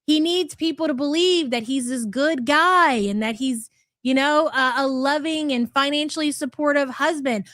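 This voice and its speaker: A woman's voice: high-pitched, moderate pace, a bit bright, no room sound, studio quality. A woman hosting a livestream, reacting to clips with blunt, profane commentary and reading out super chats. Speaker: commentary channel host.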